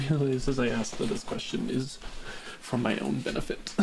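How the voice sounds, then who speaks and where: A man's voice: mid-range voice, slow, pauses often, a little mellow, a little hiss or hum. A man streaming a game, reading its dialogue aloud in a jokey way and laughing often.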